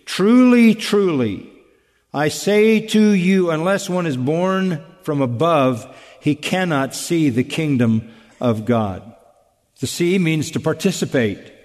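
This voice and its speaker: A man preaching an expository sermon, emphatic and deliberate, asking rhetorical questions and repeating key phrases. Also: fairly high pitch, animated, a little mellow, big-room sound. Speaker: pastor.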